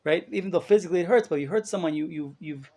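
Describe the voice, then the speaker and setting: Emphatic high-voiced rabbi teaching. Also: male voice, fast, darkish tone. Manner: emphatic, rhetorical questions, mixes in Hebrew terms. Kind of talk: live Torah lecture. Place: study hall class with listeners.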